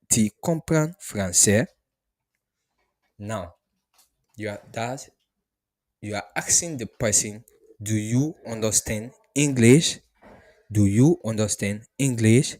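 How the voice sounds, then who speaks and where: A man teaching beginner French, who says each phrase slowly and repeats it before explaining it. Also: medium pitch, lively intonation. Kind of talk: beginner language lesson.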